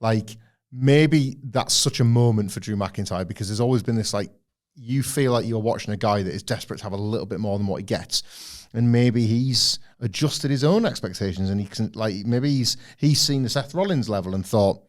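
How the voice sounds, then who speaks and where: A man's voice: fairly low pitch, moderate pace. Thoughtful man analysing wrestling. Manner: thoughtful, rambling analysis with fillers. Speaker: podcast co-host. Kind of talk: casual wrestling analysis chat.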